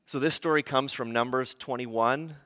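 A man in his thirties preaching a sermon, animated and acting out grumbling voices as he teaches. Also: mid-range voice, normal speed. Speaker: pastor.

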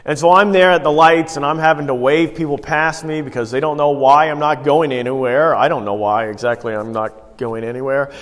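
A man with a fairly high voice preaches in a casual, story-driven way, often turning to his listeners with a question. His voice carries a long reverb tail from a church hall. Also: steady tone, a little fast, hardly any pauses, fairly bright tone. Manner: conversational storytelling with rhetorical questions to the congregation. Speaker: pastor. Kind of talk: sermon.

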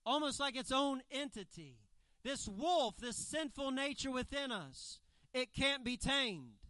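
A man's voice: extremely high pitch, lively intonation, measured pace, sharp tone, dry recording, rough recording. A man preaching a sermon as a missionary, emphatic and fond of repeating key phrases. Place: church.

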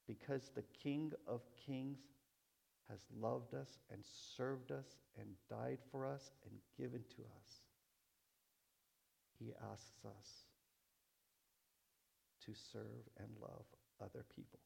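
Slow gravelly-voiced male pastor preaching. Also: medium pitch, steady tone, warm tone. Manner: slow, prayerful, repetitive emphasis. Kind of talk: sermon.

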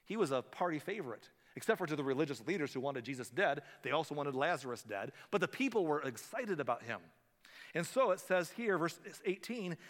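Echoey, fairly high-voiced preacher. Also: male voice, fairly bright tone. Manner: conversational, repeats and restarts words. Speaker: pastor. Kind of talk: sermon.

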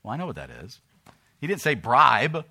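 A middle-aged male pastor with a bright, forceful voice. He reads scripture slowly and loudly, then drops low and casual to tell a personal story, with a pitch that sits in the ordinary middle range. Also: wildly swooping pitch, vocal fry. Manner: preaching, swings from loud emphatic scripture reading to low conversational storytelling.

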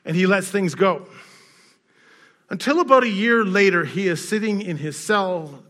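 Male pastor, slightly high voice, preaches through a story, swings loud to soft. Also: unhurried. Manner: storytelling, rising loud and high in quoted scenes, dropping quiet in reflection. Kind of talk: sermon.

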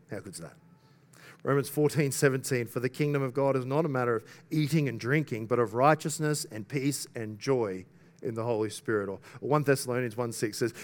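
A man preaching a sermon in an earnest, conversational way, often turning to the listeners with rhetorical questions. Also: mid-range voice.

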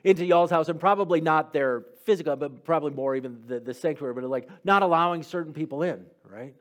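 A man delivers a message in a slightly high voice, reading a short letter from scripture aloud. He then leads the room in a discussion, asking listeners what stood out and building on their answers. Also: quick pace, a bit bright. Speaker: preacher leading a Bible discussion.

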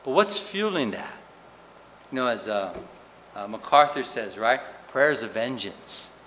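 A man preaching a sermon in an animated, questioning way, often checking in with "right?". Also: medium pitch, measured pace. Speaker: pastor. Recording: reverberant hall with faint noise.

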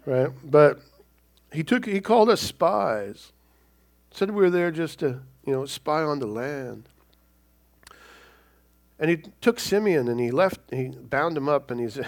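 A man's voice: medium pitch, lively intonation, normal speed. A male pastor preaching a sermon in a conversational way, often checking in with the listeners. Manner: conversational, keeps asking "right?".

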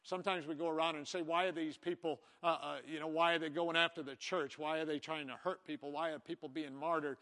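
A man preaching a sermon with passion, swinging between hushed and loud, with frequent repeats and restarts. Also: on the high side, fairly even intonation, fast talker, few pauses. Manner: repeats phrases and stumbles on restarts. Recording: echoey hall with long reverb.

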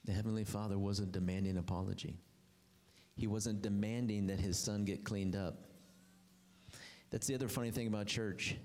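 A man preaching a sermon as a pastor, impassioned, swinging from high emphatic lines down to low, quiet ones. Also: moderate pace. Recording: long hall reverb.

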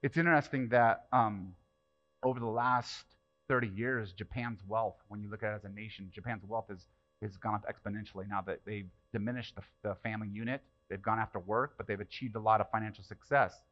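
Male pastor preaching with loud-soft swings. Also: fairly low pitch, steady tone, a little fast, dull audio. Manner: conversational, with sudden swings between loud and hushed; rhetorical questions to the congregation. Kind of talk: sermon. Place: church.

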